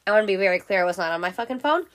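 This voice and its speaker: A woman's voice: medium pitch, lively intonation, very fast. A young woman hosting a podcast, telling a story in a casual, chatty way and swearing freely. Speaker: podcast host.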